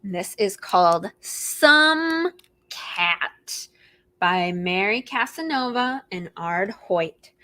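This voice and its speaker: A woman librarian reading picture books aloud to preschoolers in an animated, expressive way, gasping and making animal noises. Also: mid-range voice, very slow. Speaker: children's librarian hosting storytime.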